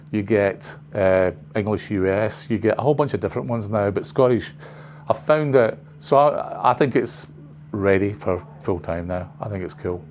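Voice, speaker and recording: A man's voice: fairly low pitch, a little mellow, a little hiss or hum. Chatty older man presenting to trainees. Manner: rambling, chatty, full of asides. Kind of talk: casual presentation to a class. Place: training room.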